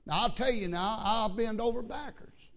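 A man's voice: high voice, normal speed, fairly bright tone. Folksy preacher man, muffled recording. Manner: folksy, repetitive, stammering restarts. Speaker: pastor. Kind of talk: sermon storytelling. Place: church.

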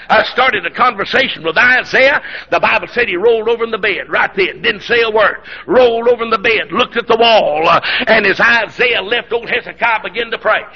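A preacher man with a high, very bright and husky voice, telling Bible stories in a folksy revival style and building to shouted climaxes. The sound comes through a dull, lo-fi old radio broadcast. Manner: folksy storytelling preacher, frequent "uh", shouting peaks. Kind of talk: revival sermon.

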